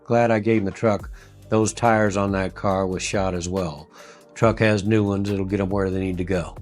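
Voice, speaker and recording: A man voicing a gruff but kindly old widowed gas-station owner in a folksy, plain-spoken drawl. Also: deep voice, steady tone, moderate pace, a little mellow, faint music behind, close to an everyday voice.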